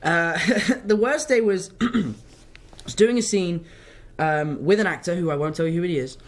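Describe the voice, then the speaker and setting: A man's voice: high-pitched, normal speed. A young man, an actor casually answering fan questions and rambling off topic. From London, England. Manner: rambling, chatty storytelling, drifts off topic. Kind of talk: casual livestream Q&A.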